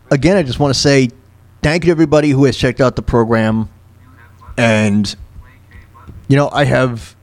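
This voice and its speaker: A man's voice: mid-range voice, darkish tone. Emotional guy on his radio show, stammering thank-yous, lots of uh and restarts, normal mid voice. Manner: halting, stammering, full of fillers and restarts. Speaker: internet radio host. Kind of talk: heartfelt on-air thank-you.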